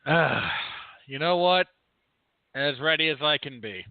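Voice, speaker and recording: A man's voice: a little high, lively intonation, slow pace, no echo. A man co-hosting a film review podcast, talking in a rambling, candid, self-correcting way. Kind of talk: casual review chat. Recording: tinny phone-like line, dry.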